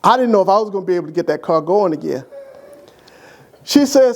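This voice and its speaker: A fast-talking older man whose voice sits high tells an interviewer humorous stories of his late wife, full of affection. He is a church deacon, and his anecdotes come out lively and animated as a comic memorial.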